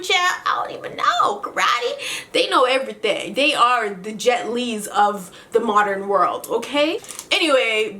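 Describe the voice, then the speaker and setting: Brief: woman vlogger, slightly high voice, sassy profane gossip recap while doing makeup at home. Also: a bit bright. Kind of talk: casual makeup-tutorial chat.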